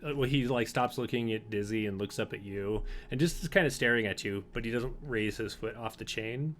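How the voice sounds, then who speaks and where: A man's voice: on the low side, a little fast, a little hiss or hum. A man narrating a tabletop game as game master, in a loose, chatty way. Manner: loose and conversational, many fillers.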